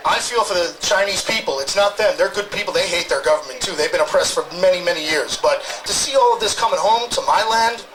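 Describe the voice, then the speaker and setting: A man's voice: high-pitched, fast, few pauses, a crowd in the background, poor audio. A man from New Jersey with a Jersey accent, a protester ranting animatedly outdoors. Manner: animated, conspiratorial rant.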